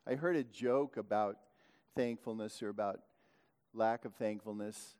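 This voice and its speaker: A man's voice: lowish voice, measured pace, a little mellow, clear, resonant tone. Man preaching in a reverberant hall. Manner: rambling, self-correcting, many restarts. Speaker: pastor. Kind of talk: sermon.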